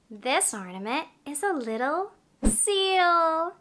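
A woman in her thirties hosting a children's educational video, with an animated, slow and clear sing-song delivery for toddlers. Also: very high-pitched, a little hiss or hum. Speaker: preschool teacher host.

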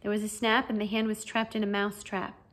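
A woman narrating a children's fantasy novel as an audiobook reader, with a lively, expressive reading. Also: mid-range voice, fairly quick. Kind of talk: storybook narration.

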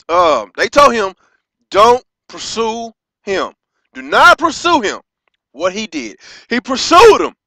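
Impassioned high-voiced American man ranting. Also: creaky, sharp tone, no room sound. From United States. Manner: impassioned, halting, with profanity and many restarts. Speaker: vlogger. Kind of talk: heated vlog rant.

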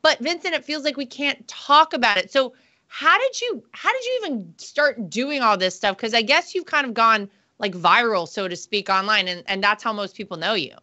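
A woman hosts a relaxed talk-show interview, with a bright, fairly high voice. She chats freely and animatedly, retelling stories with laughs along the way. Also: normal speed, muffled recording. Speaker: host. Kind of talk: casual interview.

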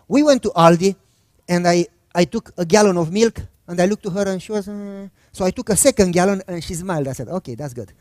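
Recorded cleanly in a studio with no echo, a high-pitched middle-aged pastor shares a personal story in his sermon, keeping it conversational and performing the quoted lines.

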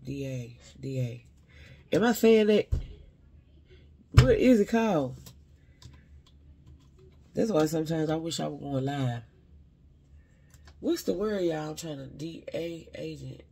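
A man with a husky, slightly breathy voice that sits a bit higher than most men's. He rambles through a casual psychic reading, talking straight to his viewers and stopping often to second-guess a word. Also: lively intonation, slow pace, pauses often, mellow. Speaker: spiritual advisor giving psychic readings.

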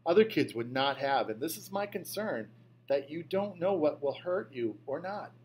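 A man voicing a calm, patient female schoolteacher who speaks carefully and softly in a storybook. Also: fairly high pitch, normal speed, a little hiss or hum, natural voice, poor audio. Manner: calm, careful, soft-spoken.

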